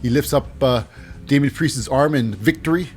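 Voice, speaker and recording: A man giving a casual wrestling recap, animated, with hesitant fillers and silly voices. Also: mid-range voice, normal speed, faint music behind.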